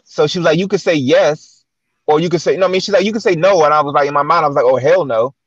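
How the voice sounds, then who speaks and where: A man with a fairly high voice hosts a casual chat and tells stories in a lively way, playing out the lines he quotes. The recording is slightly dull and dry, with no room sound. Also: rapid-fire, dry recording. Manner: animated, acts out quoted dialogue. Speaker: guest host. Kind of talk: casual storytelling.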